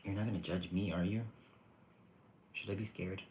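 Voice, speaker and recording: Low-voiced chatty man giving readings. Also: steady tone, moderate pace, a little mellow, slight background noise, rough recording. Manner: chatty, rambling, restarts often. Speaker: tarot reader. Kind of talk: casual livestream reading.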